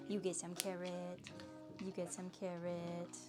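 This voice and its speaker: A woman's voice: lowish voice, completely flat delivery, unhurried, loud music behind the voice. A woman filming a casual home vlog in her kitchen, chatting to her dogs in a sing-song pet voice. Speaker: vlogger.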